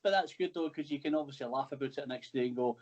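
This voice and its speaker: A man's voice: medium pitch, very fast, a little mellow, lo-fi sound. A man hosting a casual interview, chatty and teasing, who swears freely. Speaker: podcast host.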